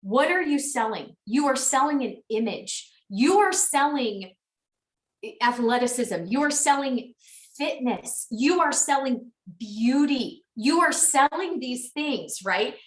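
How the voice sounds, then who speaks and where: Frank encouraging woman leading a sales team call, kinda high voice, sounds far off in an echoey room. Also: animated, takes it slowly. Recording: roomy echo, distant from mic.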